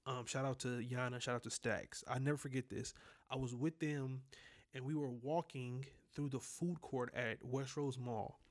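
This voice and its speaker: Young male podcast host, candid storytelling monologue, frequent cursing, middle pitch. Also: steady tone, moderate pace. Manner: candid, profane, talks straight to listeners. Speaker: podcast host telling personal stories.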